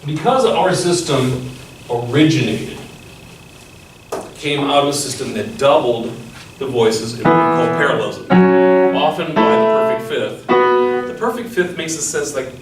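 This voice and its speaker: A man giving a music theory lesson, explaining step by step in a measured way and thinking aloud as he goes. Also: medium pitch. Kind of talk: instructional lesson with piano demonstrations. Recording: roomy echo, far from the mic, piano playing. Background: piano.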